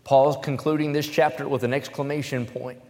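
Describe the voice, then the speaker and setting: A man preaching from the pulpit, telling his story plainly and then rising into loud, emphatic reading of scripture. His voice has a middling pitch, and the sound rings with the long reverb of a large hall. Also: flat delivery, moderate pace. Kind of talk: sermon.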